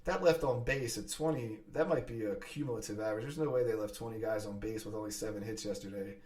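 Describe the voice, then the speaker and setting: Guy from philly rambling fast about his team, lots of restarts, sitting back off the mic. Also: lowish voice, distant mic. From Philadelphia area. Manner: fast, excited talk with frequent restarts and fillers. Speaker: sports podcast host. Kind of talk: casual sports chat.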